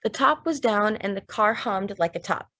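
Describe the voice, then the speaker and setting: A woman narrating a literary audiobook in a steady, measured, plain way. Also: medium pitch.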